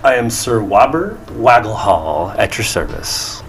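A man's voice: fairly low pitch, sing-song, a little slow, gravelly, slight background noise, exaggerated voice. A man voicing a flamboyant male gnome bard who is effusive, apologetic and full of flowery courtesy.

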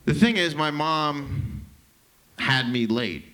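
A man in his thirties from Canada doing a stand-up set, telling profane, rambling stories with quick asides. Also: fairly high pitch, sharp tone. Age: 30s. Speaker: stand-up comedian.

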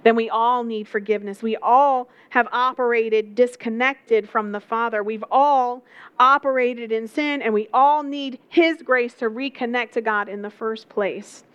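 A woman's voice: a little high, fairly even intonation, unhurried, fairly bright tone, clean tone, highs cut off. Woman preaching a storytelling sermon. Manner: storytelling, emphatic repetition.

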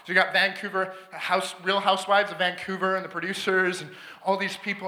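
A man from Alberta, Canada, preaching a sermon in a church, telling stories with excitable energy, laughing often and building to shouts. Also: high-pitched, a little fast, a little hiss or hum. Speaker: guest preacher. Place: church sanctuary. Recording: echoey church hall.

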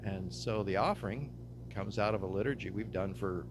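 A man's voice: lowish voice, moderate pace. An older man, a pastor, talking casually in an interview, easygoing and laughing often. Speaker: pastor guest. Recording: audible background hum.

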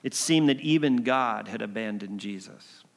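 A man telling a story as a sermon, swinging between emphatic lines and hushed ones. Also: on the low side, moderate pace, creaky. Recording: long hall reverb.

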